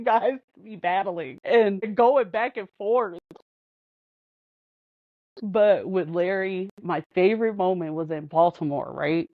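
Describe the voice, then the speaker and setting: A woman chats on a podcast in an animated, storytelling way, slipping into the voices of the people she quotes and laughing between lines. The recording is dull and lo-fi, close and dry with no room sound. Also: lowish voice, unhurried, no echo. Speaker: podcast guest. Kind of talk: casual storytelling chat.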